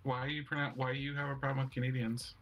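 A man's voice: mid-range voice, little pitch movement, quick pace, a bit bright, faint music behind, rough recording. A man co-hosting a casual podcast chat, teasing and playfully acting offended. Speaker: podcast co-host.

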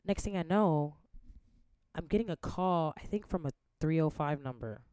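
A young woman from the Bay Area spins a story in a casual, slangy, profane way, with her voice sitting a little low. The sound is close and dry, with no room around it. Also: normal speed, clear, resonant tone, no echo. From San Francisco Bay Area. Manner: slangy, profane, animated retelling. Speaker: podcast host.

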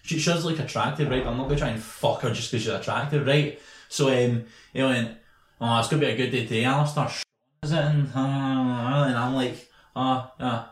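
A man's voice: mid-range voice, fairly even intonation, fairly quick, echoey room. A man in his twenties telling a rambling, sweary story between laughs in a casual podcast chat. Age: 20s. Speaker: podcast co-host. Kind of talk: casual banter.

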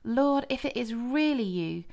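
Peter: earnest male disciple, voiced by the female narrator, slow and pleading. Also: fairly high pitch, animated, creaky, darkish tone, voice pushed up.

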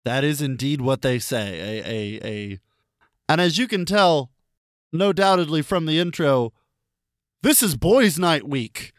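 A man's voice: a little high, lively intonation, a little slow, dry recording, studio quality. A man co-hosting a comedy podcast, joking, laughing often and narrating a silly made-up scene. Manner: jokey, laughs often, slides into silly voices. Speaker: podcast co-host and game narrator.

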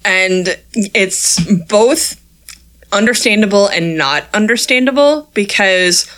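Brief: dry, teasing female co-host, unhurried speech. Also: medium pitch, lively intonation, fairly bright tone. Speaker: podcast co-host. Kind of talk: casual TV recap chat.

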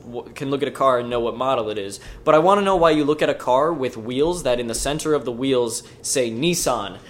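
A man's voice: medium pitch, fairly quick. A man co-hosting a podcast, telling a story in casual chat and acting out its voices, with some swearing. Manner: animated storyteller, swears freely, acts out voices in the tale. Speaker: podcast co-host.

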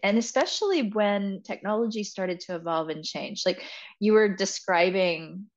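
A woman's voice: mid-range voice, normal speed. A woman hosting an interview, chatty and reflective, thinking aloud. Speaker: interview host. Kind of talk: casual interview conversation. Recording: dull lo-fi audio.

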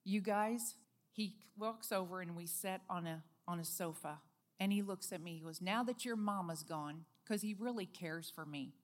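A woman's voice: lowish voice, moderate pace. Earnest woman telling a heartfelt story. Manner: lively storyteller, acts out quoted speech. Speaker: guest. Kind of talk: telling a personal faith story in an interview.

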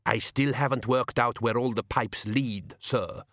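A man's voice: mid-range voice, fairly even intonation, a little slow, fairly bright tone, no echo, studio quality. A man voicing a small, deferential dwarf gardener who speaks hesitantly.

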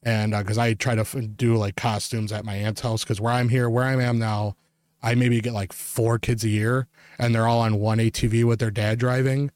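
A man's voice: medium pitch, little pitch movement, moderate pace, darkish tone, dry recording. A young man hosting a podcast, telling a long story in casual, rambling chat full of filler words. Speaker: podcast host.

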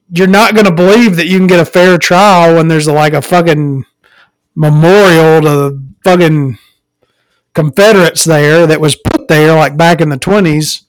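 Her voice is deep, and the rough recording carries no room sound. At home with her dog, this podcast host rants in a casual, profane way, chuckling frequently.

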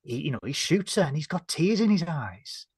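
A man's voice: a little high, big pitch swings, moderate pace, breathy edge, no room sound. Chatty northern English man, dry close sound. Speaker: podcast co-host. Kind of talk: casual review chat.

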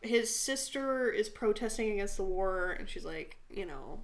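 A young woman co-hosting a podcast, telling stories in a casual, animated way, swearing and acting out what people said. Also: mid-range voice, normal speed, few pauses. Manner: animated, swearing, acts out quotes. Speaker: podcast co-host. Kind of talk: casual storytelling chat.

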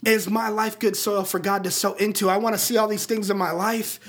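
A man's voice: high voice, level tone, brisk. A young adult man preaching a sermon in a casual, slangy way, with plenty of rhetorical questions. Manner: casual slangy preaching, acts out movie dialogue. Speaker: pastor.

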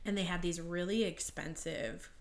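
A woman in her thirties co-hosting a casual podcast, telling animated family stories and breaking into loud laughter. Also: fairly low pitch, normal speed. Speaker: podcast co-host. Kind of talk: casual chat.

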